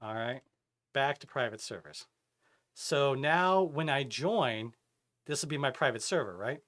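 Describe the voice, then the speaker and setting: A man chats his way through a live game stream, answering his viewers as he goes. His voice is bright and bouncy, with pitch that swings up and down all the time. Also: measured pace. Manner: animated, chatty, reads chat aloud. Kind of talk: casual live-stream chat while gaming.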